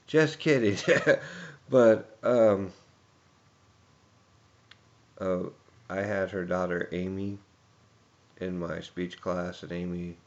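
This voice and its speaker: A man's voice: sits low, muffled recording. A man giving a personal tribute speech, rambling through anecdotes and chuckling often.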